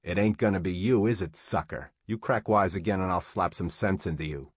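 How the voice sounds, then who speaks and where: A man's voice: sits low, brisk, breathy edge, no echo. A man voicing a hot-tempered young male hobo, speaking in a hard, clipped, defiant way.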